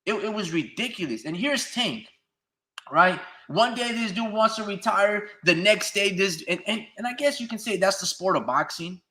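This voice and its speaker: A man's voice: sits high, animated, moderate pace, sharp tone. A man giving blunt, profane, ranting solo commentary on a channel he hosts. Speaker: boxing commentator.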